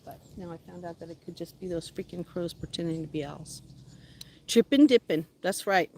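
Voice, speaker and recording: A woman vlogging outdoors, excitedly calling and cheering at a squirrel, then dropping to mutters. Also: lowish voice, moderate pace, creaky, slight background noise. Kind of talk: casual outdoor vlog. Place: outdoors, yard near a hill road.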